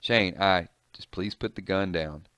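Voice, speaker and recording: A man's voice: low voice, measured pace, fairly bright tone, smooth, no room sound, studio quality. A man voicing a shaken male sheriff in a comic reading, soothing and pleading. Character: calm, shaken male sheriff trying to talk someone down.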